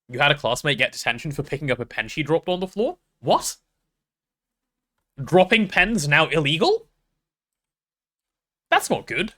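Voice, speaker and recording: Here the young streamer's high-leaning voice comes across bright and forceful. While playing a game, he rambles in a playful, casual way, telling stories at his own expense.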